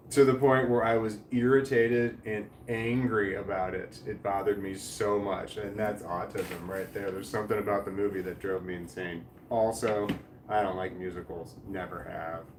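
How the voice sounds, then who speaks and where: Rambling, cursing man in an echoey room. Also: on the low side. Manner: rambling, swears often, restarts sentences. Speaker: streamer reading live chat comments. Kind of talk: casual rambling chat. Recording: echoey room with faint background noise.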